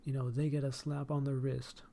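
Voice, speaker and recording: A man's voice: medium pitch, flat delivery, moderate pace, vocal fry, mellow, slight background noise. A man hosting a live stream and podcast in casual chat, effusive, often repeating "hey" and "my dude" and laughing between phrases.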